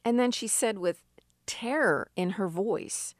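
A woman preacher giving a sermon, telling stories in an unhurried way with emphatic rises. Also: medium pitch, no echo, studio quality.

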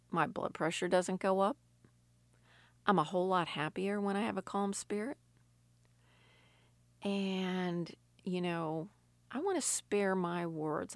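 A woman's voice: lowish voice, no room sound. A woman who grew up in Sicily, giving an earnest devotional talk and reading scripture aloud. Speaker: Christian speaker. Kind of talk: devotional teaching.

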